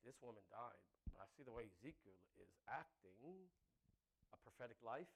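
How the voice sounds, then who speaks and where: A man preaching a sermon, swinging from loud exclamations to quiet asides and asking the congregation "right?". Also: mid-range voice, big pitch swings, moderate pace, gravelly, slight background noise.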